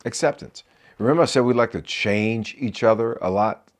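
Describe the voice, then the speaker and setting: A man's voice: medium pitch, moderate pace. A middle-aged man speaks as a marriage coach in an encouraging talk to camera. His voice sits in a medium register, and he slips into preacher-like asides that call on the listener to answer back.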